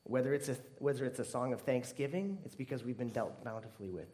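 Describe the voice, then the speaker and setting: A man preaching a sermon earnestly, swinging between emphatic stress and hushed, tearful softness. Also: medium pitch, fast. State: near tears at times.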